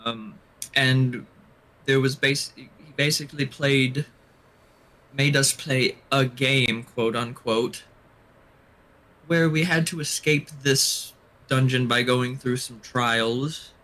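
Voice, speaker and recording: A man playing in a tabletop game speaks slowly and carefully in character. He lays things out with hesitant restarts. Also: medium pitch, fairly even intonation, sharp tone, poor audio. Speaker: player. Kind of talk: in-character roleplay.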